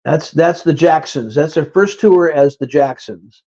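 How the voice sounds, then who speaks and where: A man's voice: fairly high pitch, unhurried, warm tone, highs cut off. A man in his sixties telling stories from his music career in a casual chat, often repeating and restarting his words. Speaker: guest musician. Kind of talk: casual storytelling.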